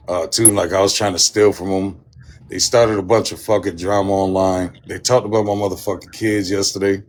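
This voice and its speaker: A man's voice: low-pitched, flat delivery, a little fast, a little hiss or hum. A man hosting a livestream, ranting angrily and swearing heavily, repeating himself as he tells his side of an online feud. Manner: heated, profane, repetitive. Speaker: livestream host. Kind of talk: angry livestream rant.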